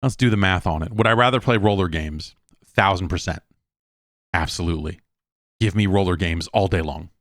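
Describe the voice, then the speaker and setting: Host: middle-aged man, lowish voice, dry close sound, loose rambling review delivery. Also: normal speed, fairly bright tone, dry recording. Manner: rambling, conversational, lots of restarts and asides. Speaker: show host. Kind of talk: casual solo game review talk.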